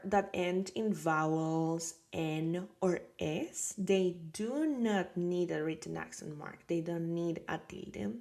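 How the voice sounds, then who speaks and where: A woman with a Colombian Spanish accent teaches a beginner lesson at an unhurried pace. Her voice has a gravelly edge, and she keeps checking in with her students. She stays patient and repeats words so they can follow. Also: medium pitch, darkish tone. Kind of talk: slow explanatory lesson.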